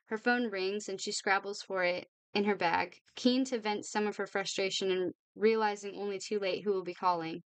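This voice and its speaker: Woman reading a novel aloud, smooth voice. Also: mid-range voice, fairly even intonation, no echo. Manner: brisk reading with slips and apologies. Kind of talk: read-aloud novel narration.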